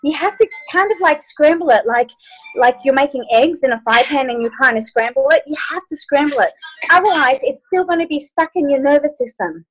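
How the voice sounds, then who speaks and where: A woman's voice: sits high, animated, a little fast, soft background music, low-quality recording. A woman life coach leading a group video call from her phone, giving upbeat, playful instructions.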